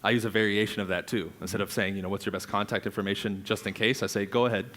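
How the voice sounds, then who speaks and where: Seminar coach: lower-pitched man, energetic, acts out client dialogue. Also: racing, slight background noise. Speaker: real estate coach on a panel. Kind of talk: live seminar teaching.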